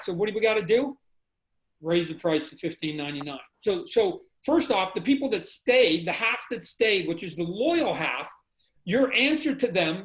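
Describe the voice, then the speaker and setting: A man, a comic book creator, telling stories as a podcast guest over a video call, animatedly acting out quotes and sound effects. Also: high-pitched. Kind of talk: casual podcast conversation. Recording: roomy video call audio.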